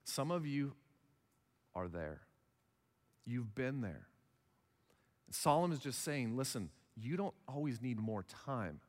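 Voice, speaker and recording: A man's voice: medium pitch, very animated, slow pace, long pauses, big-room sound. A man in his thirties preaching a sermon as pastor, conversational, acting out little dialogues. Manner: conversational, acts out little dialogues in other voices.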